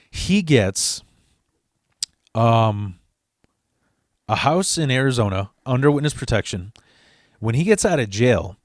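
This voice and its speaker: A man's voice: mid-range voice, no room sound. Brief: man, mid-range voice, loose and foul-mouthed storyteller, dry close sound. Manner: rambling and profane, with restarts and asides. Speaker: storyteller host of his channel. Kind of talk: casual storytelling.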